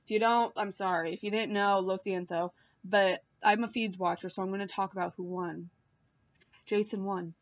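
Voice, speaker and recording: A woman's voice: medium pitch, fairly even intonation, normal speed. A woman in a casual, rambling chat to her viewers, filmed on a laptop mic at home, swearing and laughing often. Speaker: vlogger. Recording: dull lo-fi laptop audio.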